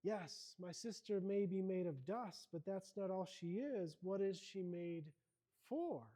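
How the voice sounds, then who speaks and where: A man's voice: high-pitched, expressive, unhurried, dark tone. A man voicing a small boy from a storybook who keeps earnestly questioning a literal robot. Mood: insistent.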